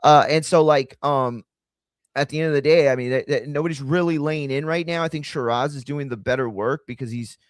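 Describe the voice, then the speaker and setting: A man's voice: fairly high pitch, a little fast, no room sound, clean studio sound. A man casually commentating a boxing watch party on a live stream, loose and slangy, talking straight to his chat. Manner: loose, slangy, chatty, addresses chat directly.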